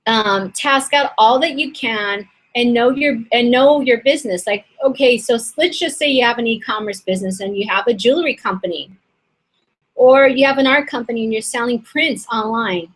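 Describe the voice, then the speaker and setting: A woman coach talks members through an online session in a loose, chatty way. She rambles and restarts her sentences with plenty of fillers, and her voice sounds slightly hoarse and worn. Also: fairly high pitch, normal speed, rough recording. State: voice a little hoarse and strained. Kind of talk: casual webinar teaching.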